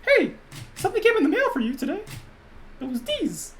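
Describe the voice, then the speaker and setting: Squeaky chirpy cartoon mouse, very high falsetto. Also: male voice, huge pitch swings, a little fast, fairly bright tone, slight background noise, exaggerated voice. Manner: falsetto, giggling "ha ha" tag.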